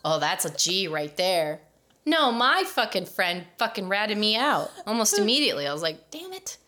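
A woman's voice: mid-range voice, very animated, moderate pace, pushed and bright. A woman co-hosting a podcast, chatting casually, swearing freely and acting out quoted voices. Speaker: podcast co-host. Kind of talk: casual chat.

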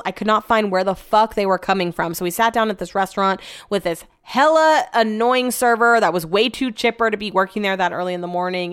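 Chatty young woman, smooth voice. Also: medium pitch. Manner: chatty, profane, animated. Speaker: vlogger. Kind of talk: casual storytelling.

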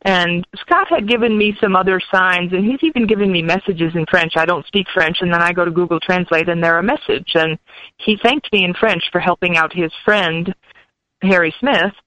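A woman guest telling a lively personal story, sometimes acting out voices in quotes. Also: fairly low pitch, normal speed, no room sound, low-quality recording. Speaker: podcast guest. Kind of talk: storytelling anecdote.

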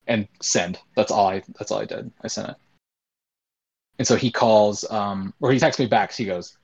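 A man's voice: fairly low pitch, fairly even intonation, moderate pace, gravelly, highs cut off. A man in his twenties telling a long personal story in casual talk, rambling with many fillers.

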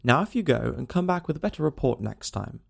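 A man reading an audiobook, voicing a grave, measured male consulting detective. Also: medium pitch, lively intonation, vocal fry, slightly rough, exaggerated voice. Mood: commanding. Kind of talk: audiobook character voice.

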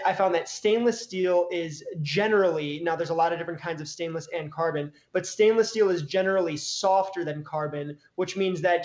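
A man's voice: high voice, echoey room, highs cut off. A man in casual podcast chat, laid-back, calling the other host "dude" and "man". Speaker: YouTube cooking creator, guest.

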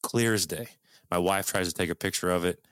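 Middle-aged man, low smooth voice, dry close recording, earnest storyteller who swears freely. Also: brisk, fairly bright tone, dry recording. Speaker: guest telling a personal story. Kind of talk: casual storytelling.

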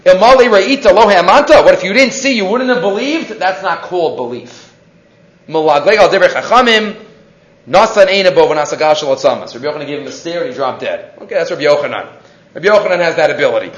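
A man gives a Torah class in an animated, storytelling way. His voice sits high and swings widely as he acts out the people in his stories. The room echoes, and the recording sounds dull and lo-fi. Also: fast talker. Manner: animated, acts out quoted characters. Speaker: Torah teacher.

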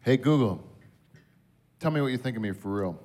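A man's voice: medium pitch, animated, a little fast, a little mellow. A man hosting a late-night show, bantering bluntly and swearing freely. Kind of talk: casual on-air banter.

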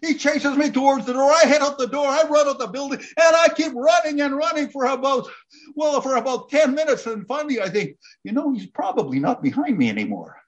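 A man telling a lively personal anecdote, building up to excited shouting at its peak. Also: very high-pitched, fairly quick, muffled recording. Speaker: storyteller.

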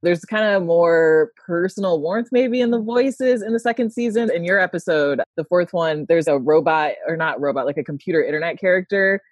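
An interviewer asking relaxed questions and agreeing often. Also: mid-range voice, brisk, hardly any pauses, dry recording. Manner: relaxed, agreeable, lots of "yeah". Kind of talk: casual interview.

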